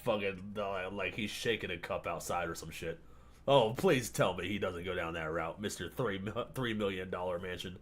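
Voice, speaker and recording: Low-voiced crude laughing man. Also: moderate pace, a little hiss or hum. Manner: crude, swearing, laughing often. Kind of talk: casual chat.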